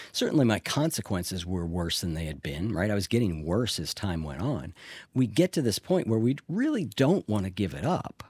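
Man, middle-aged, low-pitched, earnest, reflective, dry close sound. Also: a little mellow, husky, no echo. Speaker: interview guest in addiction recovery. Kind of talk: candid personal interview.

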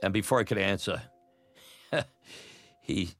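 A man's voice: low-pitched, slow, over music. A man telling a personal story about his youth, candid and conversational, chuckling now and then. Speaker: storyteller, former batboy.

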